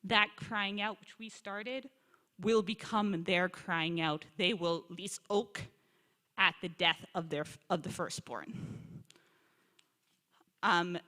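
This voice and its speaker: A woman giving a lively, conversational Bible teaching talk as a visiting scholar, acting out quoted complaints along the way. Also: fairly low pitch, slow. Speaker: scholar in residence lecturer. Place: congregation sanctuary or hall. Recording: long reverb of a large hall.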